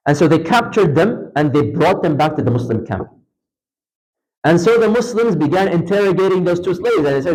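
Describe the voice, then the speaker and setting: A man delivers a storytelling lecture in a mosque with a fairly high voice. He is animated and lifts his voice when he acts out the lines of the people in the story. His speech is casual, with fillers and restarts. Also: fairly quick, poor audio. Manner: animated, acts out dialogue with lifted pitch. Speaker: Islamic lecturer.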